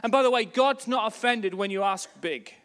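A man preaches a sermon in a fairly high voice. He tells stories and hammers home his points with emphasis. His voice rings with the long reverb of a large church hall. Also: normal speed, a bit bright, clean tone. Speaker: pastor.

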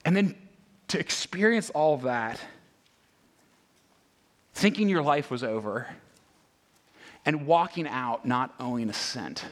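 A pastor with a medium-pitched voice speaks slowly, leaving long pauses. His sermon is conversational and animated, packed with rhetorical questions and frequent "right?" asides to his listeners.

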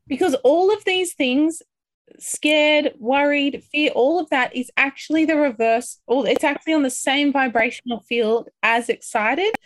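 A woman coaching a group on a call, upbeat and encouraging, talking through feelings and sometimes acting out excitement. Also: high voice, unhurried, no echo. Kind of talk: motivational coaching talk.

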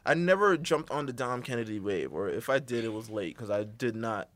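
A man's voice: mid-range voice, animated, brisk, a bit bright, no room sound. Loose, profane young man joking around. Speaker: podcast co-host. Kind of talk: casual chat.

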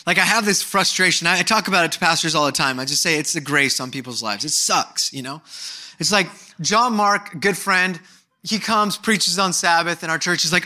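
A middle-aged male pastor delivers a sermon with a high voice at normal speed. He is candid and animated, slipping into mock voices and sudden shouted bursts.

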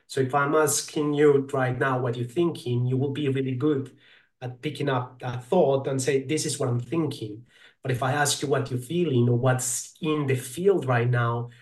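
A man's voice: medium pitch, darkish tone. Thoughtful man in an echoey room. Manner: thoughtful, halting, searching for words. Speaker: guest, somatic alignment teacher. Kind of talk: reflective interview talk. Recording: roomy echo.

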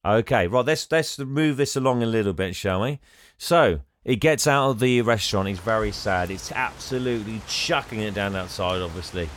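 A man's voice: on the low side, a bit bright, dry recording. English man retelling a plot, acting out lines. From England. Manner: acts out the characters' lines in quick voices. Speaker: podcast co-host. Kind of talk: casual chat retelling a film plot.

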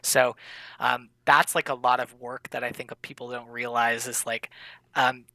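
A man's voice: mid-range voice, level tone, measured pace, creaky, sharp tone, no echo, poor audio. A young man in his twenties, a public radio reporter, answering interview questions casually with many fillers.

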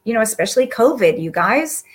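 A woman's voice: a little high, very animated, fairly quick. A woman guest speaking to an audience in a heartfelt, casual way, earnest and encouraging. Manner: earnest, warm-hearted and encouraging, with soft laughs.

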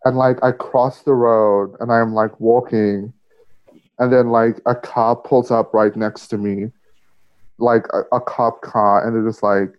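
A man's voice: mid-range voice, little pitch movement, unhurried. A man in casual conversation, telling stories candidly with lots of fillers and swearing. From Australia. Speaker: podcast guest. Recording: muffled lo-fi audio.

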